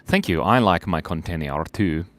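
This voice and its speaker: A man's voice: low voice, lively intonation, normal speed, fairly bright tone, dry recording. A man hosting a live drawing stream, chatting casually, joking, laughing often and reading out viewer comments.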